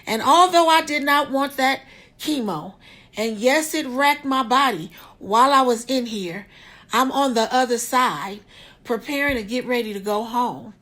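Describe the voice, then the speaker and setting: A woman's voice: fairly high pitch, measured pace, fairly bright tone. A woman in a hospital room giving an earnest faith testimony to her viewers, preaching straight to them. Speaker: vlogger sharing a health update.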